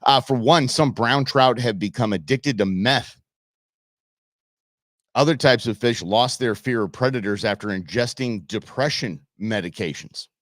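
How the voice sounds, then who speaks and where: A man's voice: medium pitch, a little slow, fairly bright tone, dry recording, studio quality. A man hosting an outdoors talk show, chatting loosely and joking, with frequent restarts. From Arizona, USA. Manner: chatty, rambling, jokey with many restarts. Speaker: radio show host. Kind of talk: casual talk show monologue.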